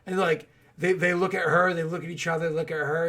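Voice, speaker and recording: A man narrating a tabletop game as game master, telling the scene in an animated way with lots of loose filler words. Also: fairly high pitch, brisk, very noisy.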